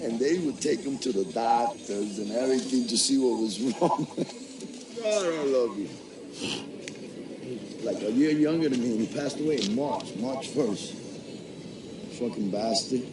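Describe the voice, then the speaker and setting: A man's voice: medium pitch, lively intonation, measured pace, pauses often, noisy background. A middle-aged man telling a personal story for a documentary in a candid, profane and darkly humorous way. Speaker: interviewee. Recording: roomy, from a distance, faint music.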